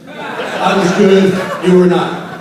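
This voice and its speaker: High-voiced man teaching in an echoey hall. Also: level tone, takes it slowly, background noise. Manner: playful, teases the audience. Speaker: wedding emcee teaching a workshop. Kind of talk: live seminar talk to an audience. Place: conference room. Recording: very echoey hall, mic far off.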